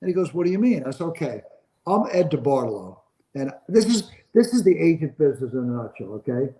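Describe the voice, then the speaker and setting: A man's voice: a little high, big pitch swings, fast talker, mellow, slight background noise, low-quality recording. An older man, a sports agent being interviewed on a podcast, telling a long story and acting out the dialogue of the people in it.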